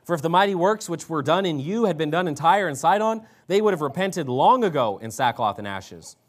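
A man's voice: fairly high pitch, expressive, a little fast. A man preaching a sermon, exhorting his listeners and reading scripture aloud with emphasis. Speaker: pastor.

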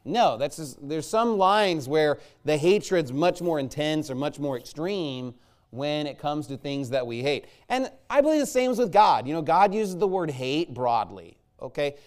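A man preaching a conversational sermon, emphatic, punching his points and tagging them with "okay?" and "all right?". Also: normal speed. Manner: lively, jumps between loud stresses and low asides.

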